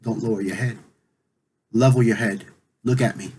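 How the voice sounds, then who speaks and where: A man's voice: fairly low pitch, steady tone, slight background noise, natural voice, low-quality recording. A man voicing a stern all-knowing god-king. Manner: stern, measured, then gentle.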